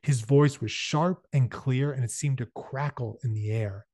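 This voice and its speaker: A man's voice: mid-range voice, measured pace, warm tone, no room sound, studio quality. A man reading a novel aloud chapter by chapter, breaking in now and then with casual explanations for his listeners. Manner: casual explanatory asides between passages. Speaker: audiobook reader.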